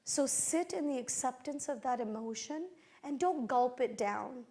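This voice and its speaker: A middle-aged woman with a fairly high voice speaks as a keynote speaker at a conference. She tells personal stories and gives motivational advice, and her delivery shifts in a lively way. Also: unhurried.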